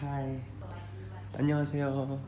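Fast-talking young Korean-accented man. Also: medium pitch, monotone, echoey room. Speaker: vlogger. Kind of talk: casual vlog chat.

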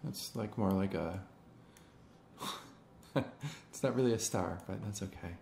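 A man's voice: on the low side, unhurried, vocal fry, roomy sound, a little hiss or hum. A man chatting patiently and encouragingly with his young daughter while they draw together at home. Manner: patient, gentle and encouraging, often soft-spoken. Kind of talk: casual chat with a small child. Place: home computer room.

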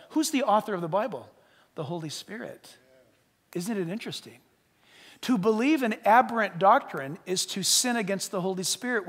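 A man delivers a sermon with a very high voice that leaps around animatedly. He questions the congregation, punches key lines, then drops low for asides. The voice rings with a long hall reverb of a church sanctuary. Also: slightly rough. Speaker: pastor.

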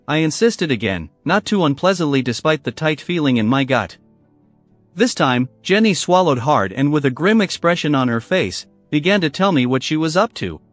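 A man's voice: fairly high pitch, big pitch swings, moderate pace, dry recording. A man narrating a first-person revenge story in a bitter, controlled way. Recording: dry voice with faint music behind.

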